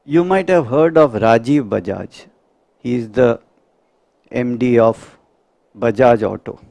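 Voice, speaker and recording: A middle-aged man, a homeopath giving a spiritual lecture to a live group, earnest and measured, often putting rhetorical questions to his listeners. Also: medium pitch, gravelly, darkish tone, dry recording.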